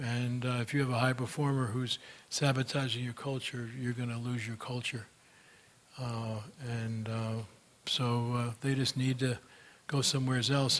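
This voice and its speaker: A man's voice: medium pitch, a bit bright. A man speaking as a guest at a gathering, answering audience questions in a chatty, storytelling way with many fillers. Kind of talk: conference Q&A talk.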